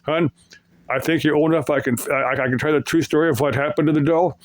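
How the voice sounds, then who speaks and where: A man's voice: on the high side, fairly even intonation, quick pace, dry recording, lightly acted. Man as a hesitant mother, own voice, dry read. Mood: gentle. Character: gentle mother telling her daughter a secret.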